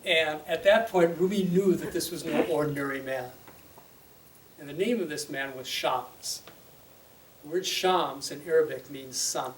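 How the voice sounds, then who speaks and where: A man's voice: on the high side, measured pace, far from the mic. Brief: male teacher, casual storytelling lecture, roomy hall, faint background noise. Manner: conversational, with fillers and check-ins. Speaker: religious teacher.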